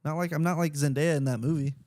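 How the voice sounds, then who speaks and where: A man's voice: a little high, fairly even intonation, quick pace, a little mellow, no room sound, clean studio sound. A young man co-hosting a podcast, joking sarcastically and laughing often. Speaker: podcast co-host. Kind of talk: casual comedic chat.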